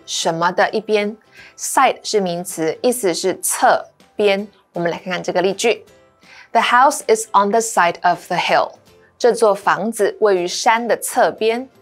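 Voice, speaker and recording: Woman teacher going over grammar, steady and quick, soft music behind. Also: mid-range voice. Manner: steady, explanatory. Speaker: language teacher. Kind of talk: scripted grammar lesson narration.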